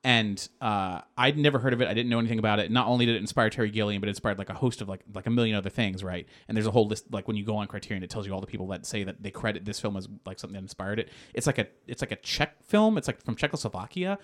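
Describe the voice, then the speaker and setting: Casting: man, casual podcast talker, animated storyteller, swears freely, loose and rambling. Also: lowish voice, very fast, hardly any pauses. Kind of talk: casual chat.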